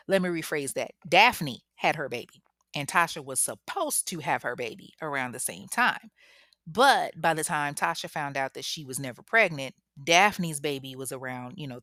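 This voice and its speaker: A woman's voice: low-pitched, bright, forceful tone, dry recording, studio quality. A woman telling a true crime story in a chatty, casual way, talking straight to listeners. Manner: chatty, addresses listeners directly.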